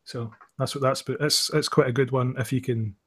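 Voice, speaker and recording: A man's voice: medium pitch, fairly even intonation, fairly quick, fairly bright tone, breathy edge. A Scottish man from Glasgow hosting a livestream podcast, chatting casually in a blunt, sweary, mocking way. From Scotland. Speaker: podcast host.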